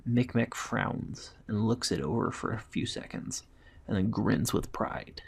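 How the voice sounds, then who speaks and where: A man's voice: lowish voice, normal speed, gravelly, darkish tone, husky. A man steadily narrating a fantasy adventure story as its storyteller.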